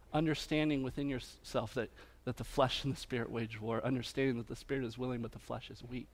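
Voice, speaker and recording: A man preaching a sermon as a pastor, using repeated refrains and swinging between loud emphatic lines and hushed quiet ones. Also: medium pitch, steady tone, fairly quick.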